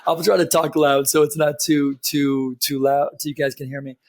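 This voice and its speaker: Enthusiastic higher-voiced man. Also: level tone, normal speed. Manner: enthusiastic and warmly affirming. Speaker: podcast guest, nonprofit founder. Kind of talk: casual interview chat. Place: at home.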